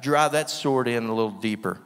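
A man's voice: medium pitch, fairly quick, soft background music. A man preaching a sermon with energy and emphasis, asking the room rhetorical questions and laughing often. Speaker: guest preacher. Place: church hall with long reverb. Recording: reverberant church hall.

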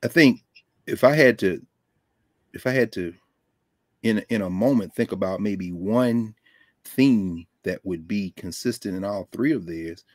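A man's voice: on the low side, a little slow, dry recording. Guy on a video call, telling stories, laughs a lot, dry close mic. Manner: animated, loose, laughs often, drops into quoted voices. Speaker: guest scholar. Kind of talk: casual conversational storytelling. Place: home setup on a live video call. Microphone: desk microphone on a video call.

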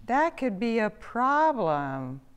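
A woman's voice: on the high side, big pitch swings, takes it slowly, slight background noise, voice pushed up. A woman voicing a fretful, fussy worrywart townsperson. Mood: worried. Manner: fussy, worried.

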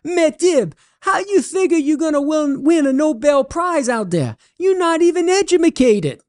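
A man's voice: extremely high pitch, very animated, unhurried, a little mellow, no echo, studio quality, pitched above the performer's own voice, full character voice. A man voicing a Cajun country man in a pickup truck, with a Cajun accent, hollering across a field.

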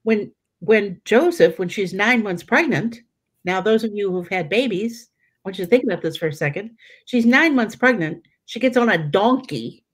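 With a husky, expressive, mid-range voice at a normal speed, a middle-aged woman teaches religion informally while leading a Catholic prayer study. Her delivery is conversational and full of fillers and false starts, and she voices the people she quotes.

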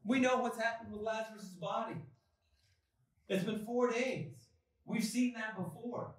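High-ish male pastor preaching slow, big echo, sounds far from the mic. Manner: deliberate preaching with dramatic pauses and swells. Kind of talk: sermon. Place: church sanctuary. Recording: echoey church hall from far off.

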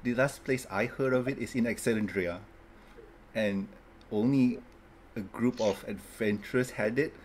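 A man's voice: mid-range voice, unhurried, darkish tone, slight background noise. A man playing a character in a tabletop role-playing game who thinks aloud and asks playful questions. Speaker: player.

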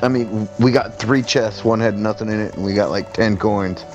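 Player: a low-voiced man, casual and halting. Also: steady tone, dull audio, over music. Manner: halting, with fillers and restarts. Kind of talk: casual chat in a tabletop game.

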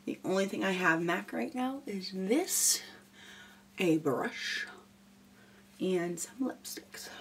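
A woman's voice: mid-range voice, expressive, takes it slowly, a little hiss or hum. A young woman chatting casually and goofily while doing a makeup tutorial. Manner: goofy, chatty and rambling. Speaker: beauty vlogger.

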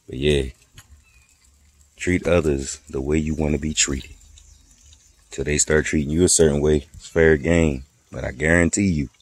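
A man talking casually while he cooks at a grill, teasing and joking in laid-back slang. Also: extremely low pitch. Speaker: vlogger cooking at a grill.

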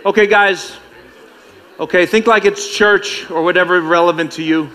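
A man's voice: sits high, steady tone, moderate pace, bright, forceful tone. A man emceeing a conference, bantering and joking with the audience in a playful, teasing way. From United States. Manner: playful, teasing, self-mocking.

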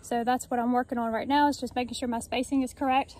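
A gardening vlogger chats casually to the camera from her backyard, describing every step of the job. Her voice is on the high side, a little mellow and steady in tone, and she moves at a quick pace, sometimes breathlessly. Audio quality is poor.

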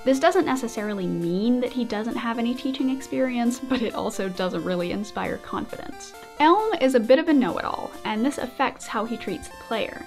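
A woman with a slightly high-pitched voice hosts her own video in a scripted, casual commentary style. She is a writing teacher who keeps slipping in playful joking asides. Soft music plays faintly behind her. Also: lively intonation, normal speed, hardly any pauses. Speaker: video essayist and host.

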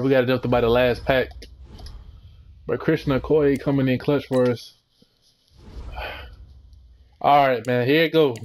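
A young man giving casual, slangy commentary while opening packs in a video game, relaxed but breaking into excited outbursts. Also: mid-range voice. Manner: laid-back slangy chatter, sudden excited outbursts. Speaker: gaming channel host.

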